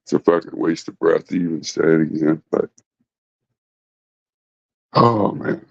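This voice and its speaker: A man's voice: very deep voice, unhurried, vocal fry, no echo. A man hosting a casual livestream from his phone, rambling and swearing bluntly. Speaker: livestream host. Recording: dull lo-fi phone audio.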